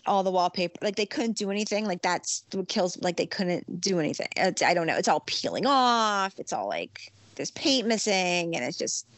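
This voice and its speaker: A middle-aged woman in casual conversation, telling her story with lively energy and now and then jumping into a high voice for the lines she quotes. Her voice sits at a medium pitch and is recorded dry and close, with little room sound. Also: normal speed, no echo. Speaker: guest recounting a theme park trip. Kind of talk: casual chat.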